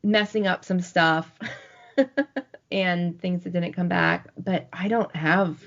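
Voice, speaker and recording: A woman's voice: fairly low pitch, slow, gravelly. A woman in her forties, co-hosting a podcast and telling stories in a casual chat, often laughing. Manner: laughing, lively storytelling. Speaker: podcast co-host. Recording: dull lo-fi recording.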